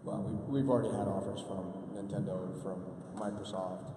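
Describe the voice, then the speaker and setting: A middle-aged man, a convention panel guest, telling relaxed anecdotes. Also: low voice, moderate pace, slight background noise. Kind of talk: storytelling on a panel. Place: large convention hall. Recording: echoey hall from far off.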